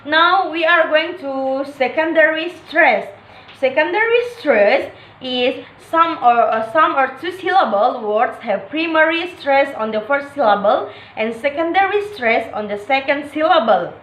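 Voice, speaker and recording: Slow, high-voiced young Indonesian woman. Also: lively intonation, fairly bright tone. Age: young adult. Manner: hesitant, many fillers and self-corrections. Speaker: English student presenting a lesson. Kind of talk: casual classroom explanation. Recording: echoey room.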